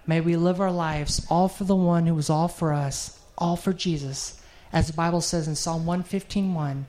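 A man's voice: a little high, fairly even intonation, moderate pace, hardly any pauses, a little mellow. A middle-aged man preaching a sermon, telling a heartfelt story in an earnest way and closing in prayer.

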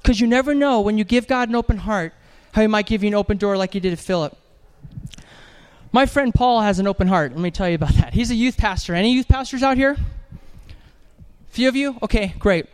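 A man preaching an animated sermon in church, telling a story with jokes and acted-out voices. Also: sits high, fairly quick, clear, resonant tone. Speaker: evangelist preacher.

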